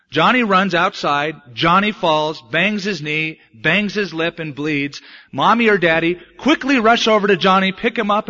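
Bright-voiced preacher, muffled recording. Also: male voice, sits high. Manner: dramatic swings between soft and emphatic delivery. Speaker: pastor. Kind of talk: sermon.

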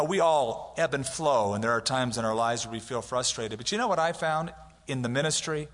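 A man's voice: fairly high pitch, fairly bright tone. A male pastor giving a conversational sermon with humorous asides, acting out the people in his stories. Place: church sanctuary. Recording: church hall reverb.

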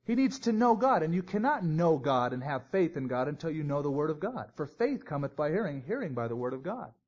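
A man's voice: a little high, sing-song, brisk, darkish tone. A man teaching a Bible sermon in a conversational way, with joking asides. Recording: dull lo-fi recording.

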